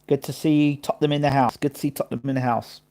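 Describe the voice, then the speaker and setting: A man hosting a casual live boxing stream, chatting his opinions and shouting out viewers by name and place. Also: medium pitch, steady tone, fast.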